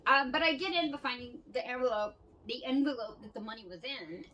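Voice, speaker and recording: A woman's voice: a little high, a little fast, recorded from a distance, lo-fi sound, a crowd in the background. A woman telling stories in a candid casual monologue, swearing freely and laughing often. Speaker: vlogger.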